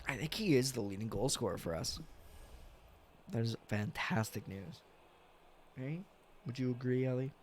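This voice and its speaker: Excitable, swearing young man streaming a game. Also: mid-range voice, moderate pace, long pauses, a little hiss or hum. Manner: excitable, swears often, yells at big plays. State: yawning, tired. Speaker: gaming streamer. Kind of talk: casual game commentary.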